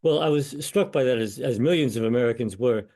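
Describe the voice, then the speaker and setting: An older man, a law professor, answering interview questions in a measured, storytelling way. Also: mid-range voice, mellow.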